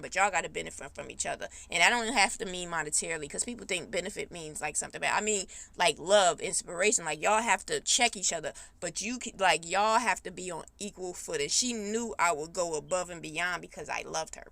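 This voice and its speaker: A woman hosting a podcast, telling a personal story in a blunt, heated, animated way with speech. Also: on the low side, gravelly. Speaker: podcast host. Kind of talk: casual storytime monologue.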